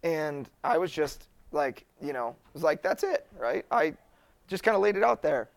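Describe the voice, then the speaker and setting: Brief: man, gravelly and slightly high, casual storyteller who acts out the lines. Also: moderate pace. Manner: animated, acts out his own past lines. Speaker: Christian board game publisher.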